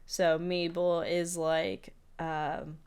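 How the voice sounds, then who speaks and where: A woman's voice: deep voice, flat delivery, extremely slow, a little mellow, clean tone. A woman co-hosting a podcast, chatting casually through an episode recap with lots of "like" fillers. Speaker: podcast co-host.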